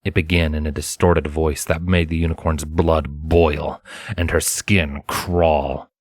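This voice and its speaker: A man reading fan fiction aloud in a measured, dramatic narration. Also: very deep voice, little pitch movement, dry recording, clean studio sound. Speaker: fanfiction reader. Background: faint background music.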